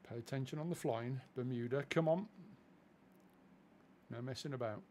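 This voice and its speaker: A man's voice: medium pitch, normal speed, warm tone. A man from England talks loosely over his flight simulator stream in a mid-range voice, wandering off on asides and poking fun at himself. A faint hiss of noise sits under his voice. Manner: chatty, self-deprecating, easily distracted. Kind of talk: casual live-stream commentary.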